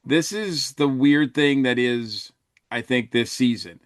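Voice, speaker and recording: A man co-hosting a podcast, talking slowly in a relaxed, meandering way, full of "uh" and restarts. His voice sits mid-pitch and sounds close and dry, with no room around it. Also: dry recording. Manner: rambling, many fillers and restarts. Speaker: podcast co-host. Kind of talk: casual chat.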